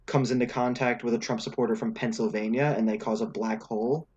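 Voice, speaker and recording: A young man co-hosting a casual political podcast, talking in long loose runs full of fillers and false starts. His voice sits at an ordinary middle pitch. The recording is a little dull and lo-fi. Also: fairly even intonation, fairly quick, darkish tone. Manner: rambling, lots of fillers and restarts. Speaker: podcast co-host.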